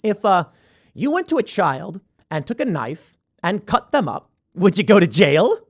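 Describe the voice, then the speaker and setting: A male host delivering political commentary in a fairly high voice that swings widely in pitch. He speaks emphatically, jabbing in sarcastic asides. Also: very animated, a little slow.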